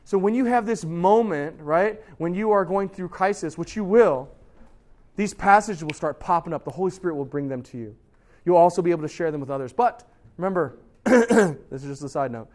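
A man with a fairly high-pitched voice gives a lively, conversational Bible talk to a youth group. He keeps checking in with his listeners and acts out little quoted voices as he goes. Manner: conversational, asks the listeners questions.

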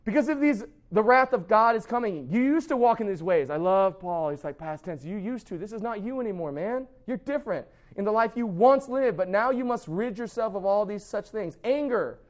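A man's voice: sits high, brisk, few pauses. A young man giving a youth sermon as a pastor, talking casually and acting out the excuses his students make. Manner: conversational and animated, acts out students' excuses.

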